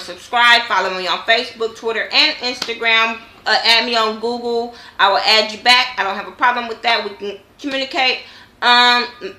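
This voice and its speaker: A woman's voice: medium pitch, pushed and bright, roomy sound. Blunt, profane young woman reviewer. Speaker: YouTube reviewer. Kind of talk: casual reality-TV review vlog.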